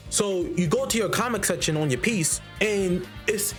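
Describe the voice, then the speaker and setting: Brief: fired-up swearing male vlogger, higher voice, faint music underneath. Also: moderate pace, few pauses. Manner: heated, swearing constantly, repeats himself. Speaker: artist and vlogger. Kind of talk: profane ranting monologue. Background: faint background music.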